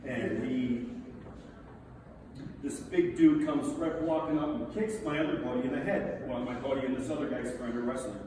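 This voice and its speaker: Man telling lively stories in an echoey hall. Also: on the high side, moderate pace. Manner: animated storytelling, laughing through the punchlines. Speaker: friend giving a speech. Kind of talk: anecdotal speech to a gathering. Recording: echoey hall, distant mic, background noise.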